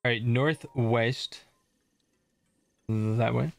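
A man's voice: mid-range voice, fairly even intonation, drawn-out words, creaky, no echo, soft background music. A young man casually commenting on his gameplay as a streamer, chatting and joking with viewers. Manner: chatty, jokey, reads chat aloud.

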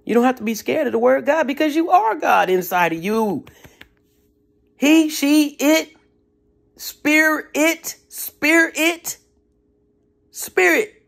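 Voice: mid-range voice, vocal fry. A motivational speaker who talks in an emphatic, preachy way with casual slang. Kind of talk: motivational talk.

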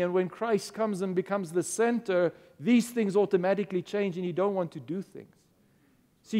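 A man's voice: high-pitched, a little mellow. A man preaching a sermon as a pastor, earnest and stumbling over repeated words as he builds his points. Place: church. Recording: reverberant church hall.

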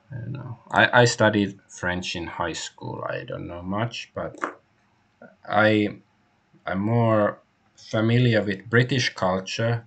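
A man's voice: sits low, creaky, fairly bright tone. A man streaming a point-and-click game, musing aloud in a hesitant, casual way. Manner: musing, hesitant, many fillers. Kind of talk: casual gameplay commentary.

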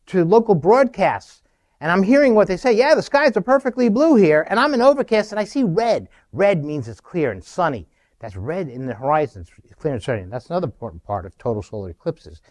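A middle-aged man giving a lively storytelling talk in a university auditorium, acting out quotes with sudden loud bursts. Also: a little high. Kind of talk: animated storytelling.

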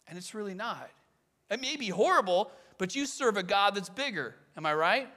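Male pastor, animated preacher, high and bright tone. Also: a little fast. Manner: animated preaching, acts out quoted voices. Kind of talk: sermon.

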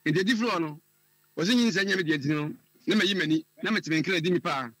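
Husky-voiced man telling his story. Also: high-pitched, a bit bright, no echo. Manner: halting, repeats words while searching for them. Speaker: caller. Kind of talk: telling a personal story on a call-in show.

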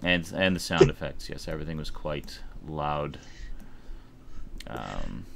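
Male streamer, slow and loose, jokey and a bit foul-mouthed, deep voice. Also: lively intonation, creaky, background noise. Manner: jokey, loose, swears casually. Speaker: streamer playing a horror game. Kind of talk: casual live-stream chat.

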